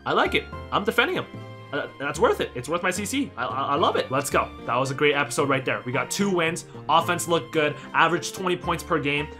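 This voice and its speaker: A young man giving excited commentary over a football video game, yelling at his players and joking with viewers. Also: on the high side, a little fast, faint music behind. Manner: hyped, yells at players, jokes to viewers. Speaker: gaming YouTuber.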